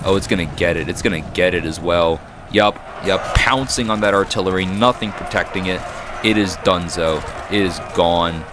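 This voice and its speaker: A man giving casual, excitable commentary over a strategy game battle, reacting with frequent exclamations. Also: low-pitched, normal speed. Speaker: gaming commentator. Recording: noisy with battle sounds behind. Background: gunfire and battle noise from the game.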